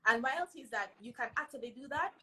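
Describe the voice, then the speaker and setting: Woman talking mental health tips, higher voice, bright and forceful, keeps saying right?. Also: animated, fast talker, a little hiss or hum, poor audio. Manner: earnest, emphatic, tags lines with "right?". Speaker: mental health advocate guest. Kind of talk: interview, giving advice.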